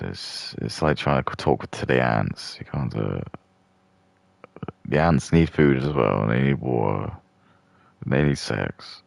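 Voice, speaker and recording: Brief: man, extremely low, crackly voice, dry sound, crude rambling rant. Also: gravelly, dry recording. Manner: rambling, crude, with many restarts and fillers. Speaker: streamer. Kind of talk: mock rant commentary.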